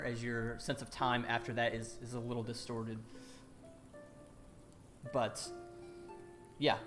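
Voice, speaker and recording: A man narrating as game master of a tabletop fantasy game, halting and full of fillers and restarts. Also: medium pitch.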